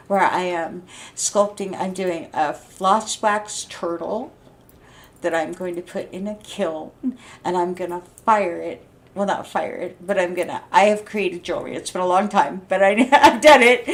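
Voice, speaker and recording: A woman talking to camera at home in a loud, rambling, chatty way and laughing often. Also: lowish voice. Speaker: vlogger. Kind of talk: casual talking vlog.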